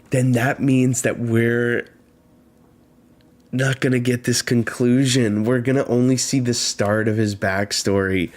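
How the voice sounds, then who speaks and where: A man's voice: mid-range voice, fairly even intonation, slow pace, darkish tone. A man hosting a live reaction, reading a comic aloud and thinking aloud between pages with dismayed sighs. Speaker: manga reaction host.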